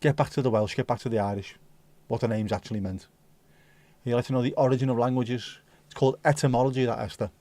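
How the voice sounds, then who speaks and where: A man's voice: mid-range voice, steady tone, quick pace, mellow, no room sound. Sweary chatty man, dry sound. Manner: chatty, sweary, banters with viewers. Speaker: livestream host. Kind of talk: casual chat reading out live chat.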